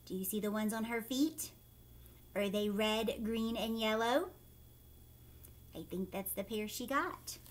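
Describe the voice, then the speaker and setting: A woman teacher reading a children's book aloud, animated and asking her young listeners questions. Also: fairly high pitch, measured pace, long pauses, a little hiss or hum. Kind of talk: read-aloud storytime for children.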